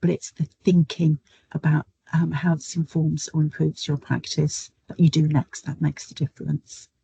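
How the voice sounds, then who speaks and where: Gravelly woman sharing stories. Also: deep voice, little pitch movement, moderate pace, mellow, dry recording, low-quality recording. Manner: chatty, storytelling, frequent "um" fillers. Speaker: guest speaker, nurse educator. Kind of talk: webinar talk with anecdotes. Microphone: video call.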